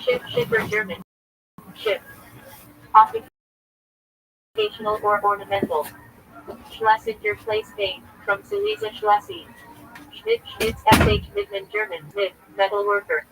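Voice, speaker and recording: A man's voice: high-pitched, wildly swooping pitch, a little slow, long pauses, fairly bright tone, slight background noise, low-quality recording. A man, a rabbi, reading from a list on a livestream in short clipped fragments. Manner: clipped fragments, terse and listing.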